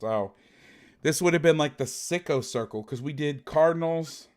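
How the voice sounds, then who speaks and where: A man hosting a football podcast, chatting casually and telling an animated, profane story. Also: a little high, moderate pace. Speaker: podcast host and football coach. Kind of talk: casual chat.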